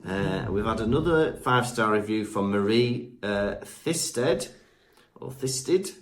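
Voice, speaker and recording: A man's voice: lowish voice, expressive, slow, slight background noise. A man co-hosting a podcast, reading listener reviews aloud in a chatty way with fillers, stumbling over names. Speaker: podcast co-host. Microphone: remote podcast mic.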